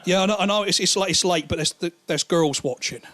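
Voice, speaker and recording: Male comic as a sheepish drunk young lad; quiet, halting, rambling. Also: high-pitched. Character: drunk sheepish young man, the troublemaking mate.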